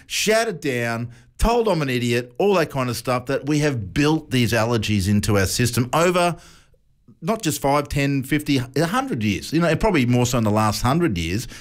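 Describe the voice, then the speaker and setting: A man hosts a radio show in easy, joking banter, laughing as he goes. His pitch rises and falls a lot as he talks, bouncing between topics. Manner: chatty, laughing, jokey.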